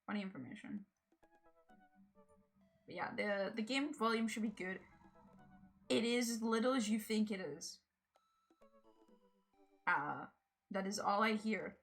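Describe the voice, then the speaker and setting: A woman's voice: medium pitch, unhurried, long pauses, fairly bright tone, faint music behind. A woman streamer chatting casually during a game, chatty and laughing, swearing freely. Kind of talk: casual gaming livestream chat.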